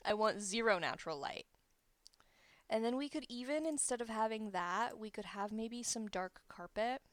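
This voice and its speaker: Close to the microphone with no echo, a woman streamer talks through her in-game building at a measured pace, leaving long pauses. Her voice is a little high, and she casually corrects herself as she thinks aloud.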